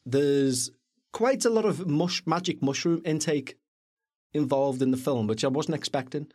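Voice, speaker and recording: Chatty man with a lively voice. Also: a little high, a little slow. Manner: chatty, jokey, animated. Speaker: podcast co-host. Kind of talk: casual film review chat.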